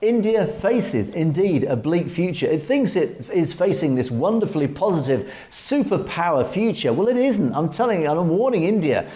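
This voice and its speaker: An emphatic man with an English accent co-hosts a commentary show, reading out viewer comments and pressing his points with many restarts. His voice is mellow and warm, and it sits somewhat high for a man. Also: very animated, moderate pace, hardly any pauses. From Europe. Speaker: co-host. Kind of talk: opinionated commentary discussion.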